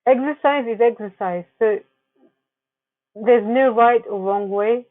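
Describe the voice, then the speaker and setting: A woman's voice: a little high, slow pace, dry recording. A woman presenting a narrated slideshow, giving earnest wellness advice with frequent restarts. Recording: tinny phone-like, dry sound.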